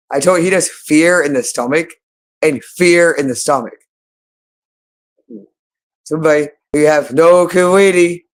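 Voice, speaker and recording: A woman speaking in an unscripted monologue to camera, agitated and accusing, looping back to the same phrases again and again. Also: deep voice. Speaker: channel host.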